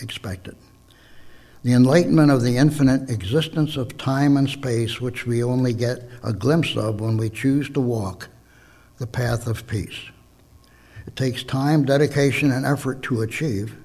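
Husky male preacher, measured sermon delivery, mid-range voice. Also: medium pitch, darkish tone. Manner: measured, slips and self-corrects, tells jokes.

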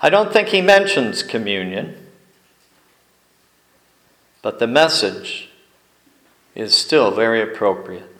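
Slow-speaking pastor in a roomy church. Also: male voice, mid-range voice, very animated, fairly bright tone. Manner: folksy storytelling with deliberate pauses. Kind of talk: sermon. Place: church sanctuary.

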